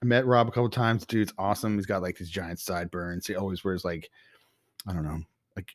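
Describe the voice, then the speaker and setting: A man co-hosting a whiskey podcast, talking in an easygoing, chatty way and quick to agree. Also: low-pitched, steady tone, no room sound, studio quality. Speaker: podcast co-host. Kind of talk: casual chat.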